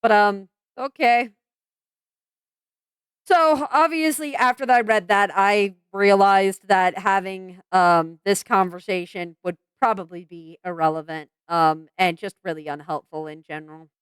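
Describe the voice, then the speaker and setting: A woman's voice: medium pitch, steady tone, unhurried, clear, resonant tone, no echo. A woman venting in a commentary vlog, frank and exasperated, swearing and restarting her sentences with lots of fillers. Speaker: vlogger.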